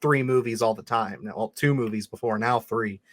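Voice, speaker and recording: A man's voice: on the low side, a little fast, fairly bright tone, no room sound. A man co-hosting a podcast, reviewing a film in blunt, profane, rambling casual chat. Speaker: podcast co-host.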